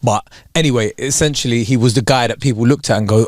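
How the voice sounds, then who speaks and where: A man's voice: medium pitch, fast, no room sound, clean studio sound. A young man, co-hosting a casual podcast chat and ranting with mocking asides. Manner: animated ranting, mocking voices in quotes. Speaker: podcast co-host.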